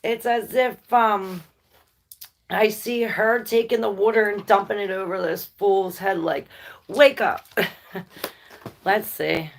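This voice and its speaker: A woman's voice: mid-range voice, steady tone, measured pace, vocal fry. A woman giving a casual, rambling tarot reading, thinking aloud and laughing and swearing now and then. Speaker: tarot reader.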